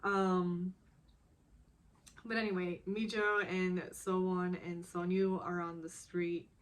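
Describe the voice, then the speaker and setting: Slow, chatty woman recapping a drama. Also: on the low side, flat delivery. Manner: chatty, laughs often while talking.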